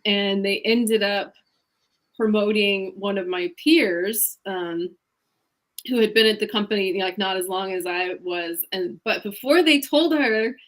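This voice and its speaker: Woman telling a story bout a bad boss, mid pitch, wry n chatty. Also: unhurried, fairly bright tone. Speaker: guest. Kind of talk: casual chat.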